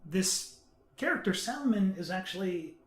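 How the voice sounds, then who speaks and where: Male podcast panelist, high voice, earnest and halting, in a roomy echoey room. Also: expressive. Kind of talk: casual podcast chat. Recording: roomy echo.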